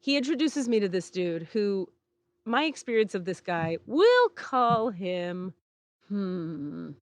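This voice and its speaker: A woman's voice: medium pitch, sing-song, slow, no room sound. A woman hosting a podcast, telling a story in casual chat, acting out the people she quotes and swearing freely, recorded outdoors in a back yard. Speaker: podcast host.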